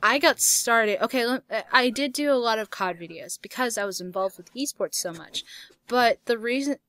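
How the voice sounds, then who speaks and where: A woman's voice: fairly high pitch, lively intonation, normal speed, a bit bright, dry recording. A young woman hosting a casual gaming Q&A, reading viewer questions aloud and answering in a chatty way with frequent laughs. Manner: chatty, laughs often, swears lightly. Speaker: YouTube gaming host.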